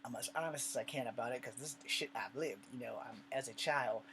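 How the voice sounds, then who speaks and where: Male vlogger from the States, mid-pitched, candid and foul-mouthed, faint hum under the recording. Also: fast, poor audio. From United States. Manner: blunt and profane, with frequent swearing; animated retelling with acted dialogue. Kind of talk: casual storytelling monologue.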